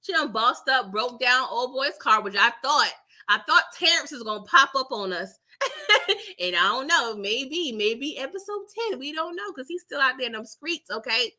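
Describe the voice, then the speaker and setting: A woman hosts a casual live recap of a TV episode. Her voice sits high and rings very bright. She chats in heavy slang and keeps breaking into laughter. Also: moderate pace. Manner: animated, chatty, laughs often, heavy slang. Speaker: TV recap host.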